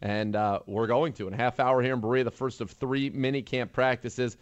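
Male sports radio host, mid-pitched, upbeat and jokey, slightly muffled dry recording. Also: fairly even intonation, a little fast, no room sound. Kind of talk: casual sports talk.

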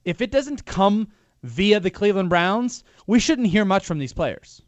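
A man's voice: high-pitched, very animated, unhurried, no echo. A man co-hosting a sports talk show, analyzing a football team in a rambling, opinionated way with frequent restarts. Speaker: sports radio co-host.

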